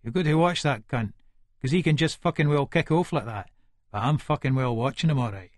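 An actor narrates a full-cast audiobook as a menacing, volatile middle-aged man from Leith, swearing coarsely in an Edinburgh Scots accent and speaking in first person. His mid-range voice is fairly quick and lightly acted, captured at studio quality with no echo.

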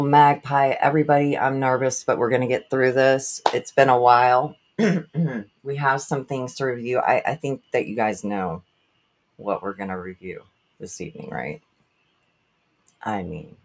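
A woman hosting a livestream, excited, giggly and out of breath as she greets her chat. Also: extremely low pitch. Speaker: livestream host.

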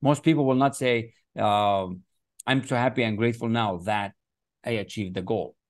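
A success coach with a lowish voice talks at normal speed in a clean, dry studio recording. During his online motivational class, where he writes on screen with a mouse, he speaks emphatically and keeps returning to repeated phrases and chanted affirmations.

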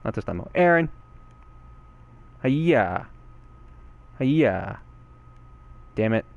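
A young man giving excitable gameplay commentary, swearing and yelling at the game. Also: on the low side, extremely slow, gravelly, narrow, tinny audio. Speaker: gaming channel host.

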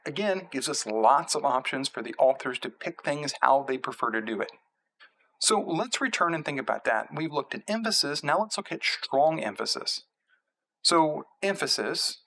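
A man's voice: medium pitch, fairly bright tone, a little hiss or hum, low-quality recording. Methodical male screencast tutor. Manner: methodical, repeats terms while pointing at code. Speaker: instructor.

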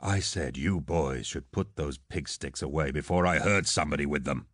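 A man's voice: rumbling low, moderate pace, a bit bright, no echo, studio quality, pitched below the performer's own voice. A man voicing a brash, mocking warrior captain who barks orders and taunts a rival. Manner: cocky, sarcastic, commanding.

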